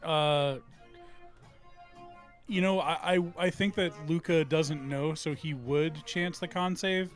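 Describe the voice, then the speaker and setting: A man playing a tabletop game, gentle and a little apologetic. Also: a little high, steady tone, slow, soft background music. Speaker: player. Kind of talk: casual tabletop chat.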